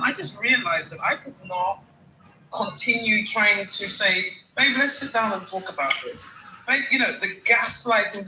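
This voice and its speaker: A woman in her forties on a live call, recounting a painful personal story in a halting way, repeating and restarting words. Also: medium pitch, reverberant, background noise. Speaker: caller sharing her story.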